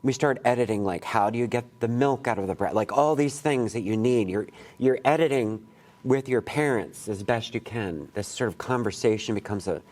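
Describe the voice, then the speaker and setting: A man's voice: mid-range voice, normal speed, darkish tone. A male poet leads a workshop for college students in a classroom. His talk is casual and digressive, full of asides and restarts. He is blunt and curses easily. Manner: candid and blunt, swears freely, rambling asides. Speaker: poetry workshop leader.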